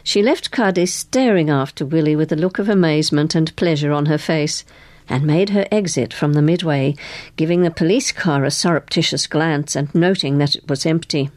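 Brief: low, expressive woman storyteller, dry close recording. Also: moderate pace, no room sound. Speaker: audiobook narrator. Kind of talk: scripted narration.

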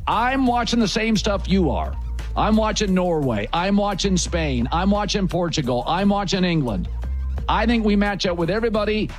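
Man, sports talk host, blunt and emphatic, high voice, very animated pitch.

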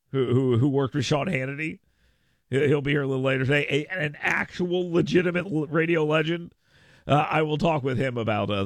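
A middle-aged man hosting a talk radio show, sarcastic and mock-petty, jumping between low mutters and hyped shouts in his monologue and ad reads. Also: creaky, no echo. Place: radio studio. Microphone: studio microphone.

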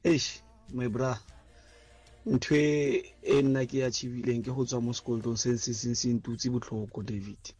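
A man's voice: medium pitch, level tone, normal speed, a little mellow, lo-fi sound. A South African man calling a radio show, speaking earnestly and reflectively. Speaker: caller. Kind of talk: casual phone-in call.

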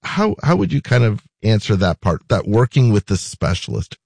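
A man's voice: on the low side, big pitch swings, normal speed, vocal fry, a little mellow, husky, no room sound. A man hosting a healthcare show, asking questions earnestly and often repeating words as he starts. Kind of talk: interview.

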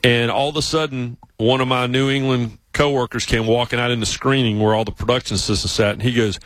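A sports radio host with a Southern accent tells stories in a lively way and slips into mimicking other voices. His voice sits at an ordinary male pitch and sounds dry and close to the studio mic. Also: quick pace, few pauses, dry recording, rough recording. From South Carolina, US South. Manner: animated storyteller, mimics other voices, laughs often. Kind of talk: casual radio storytelling. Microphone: studio microphone.

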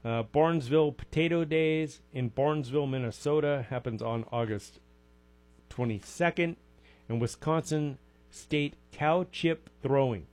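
A man's voice: on the high side, measured pace, a little mellow. Wry rambling male radio host. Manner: rambling, wry, reads listings with asides. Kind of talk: casual local radio chat.

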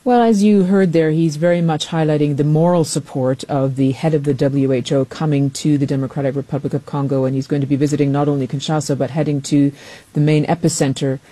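Woman correspondent, live news explainer, warm low-brightness tone, dry close sound, careful and searching. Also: fairly even intonation, dry recording. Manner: measured, with frequent ums and self-corrections. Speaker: foreign correspondent.

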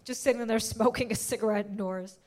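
A young adult woman from the United States performing a brash, animated stand-up comedy set and laughing at her own jokes. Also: fairly high pitch, brisk.

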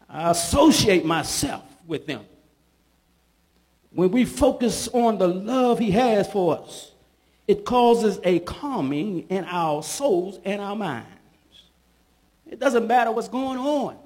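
Man, bishop, sermon, very high voice, lively swinging pitch, call-and-response, church. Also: takes it slowly. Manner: call-and-response preaching, rising to shouts.

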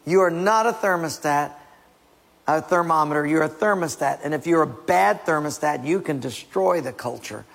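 A male preacher delivers a sermon with a gravelly, raspy voice. He is urgent and emphatic, moving from hushed asides to loud exhortation. His words ring with long reverb in a large hall. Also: on the high side, moderate pace.

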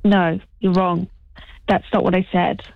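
A woman's voice: on the low side, level tone, a little slow, gravelly, no room sound, phone-quality sound. A woman phoning in to a radio show, teasing and playful in casual chat. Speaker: host's wife on the phone. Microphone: phone line.

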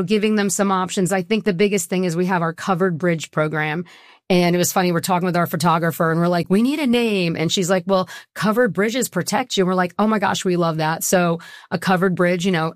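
As an interview guest, this co-founder of a women's support group talks earnestly and with emotion, wandering and restarting her thoughts again and again. She is middle-aged with a voice on the low side, in a dry, clean studio recording.

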